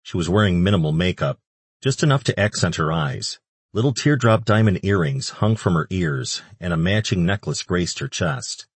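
A man narrating an audiobook in a measured, even reading. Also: low-pitched, breathy edge, no room sound. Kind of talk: scripted narration.

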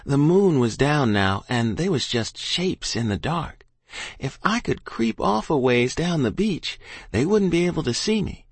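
A man's voice: mid-range voice, no echo. A man reading a first-person story aloud as an audiobook, in a folksy, plain-spoken rural dialect. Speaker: audiobook narrator.

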